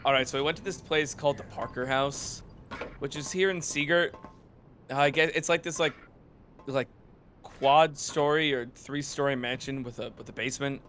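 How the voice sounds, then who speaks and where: A man's voice: medium pitch, steady tone, moderate pace, fairly bright tone, a little hiss or hum. A man in a casual chat, cracking jokes and laughing often as he talks.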